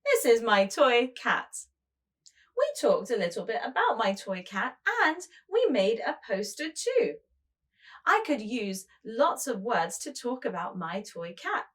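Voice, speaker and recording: A woman preschool teacher leading a show-and-tell lesson, speaking slowly and in a sing-song way to small children. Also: fairly high pitch, very animated.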